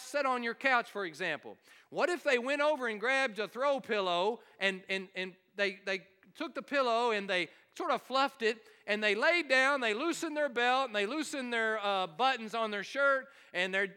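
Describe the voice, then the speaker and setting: A man preaching, his voice pitched very high and pushed out with forceful energy. His tone is smooth and resonant as he keeps firing questions at the congregation. The sermon rings through a church hall with a long reverb. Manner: emphatic, asks the congregation questions. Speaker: pastor.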